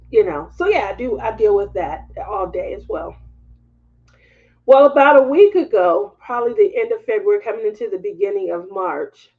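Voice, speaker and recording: A woman hosting a craft livestream, telling a story to her viewers in candid, animated casual chat and laughing as she goes. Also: mid-range voice, dull audio.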